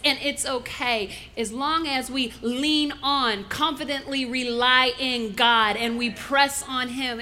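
A woman pastor preaching a lively sermon, playful and animated, calling on the congregation to respond. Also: high-pitched, a little hiss or hum.

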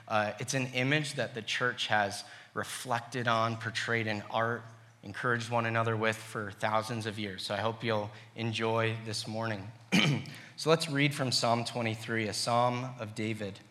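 A middle-aged man preaching a sermon, reading scripture slowly and then telling personal stories with lively acted-out quotes. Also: lowish voice. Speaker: pastor.

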